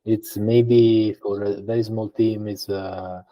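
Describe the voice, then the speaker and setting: A man's voice: lowish voice, little pitch movement, takes it slowly, highs cut off. A man answering as a guest in a podcast interview, explaining things conversationally and thinking aloud with frequent fillers and restarts. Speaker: guest data engineer.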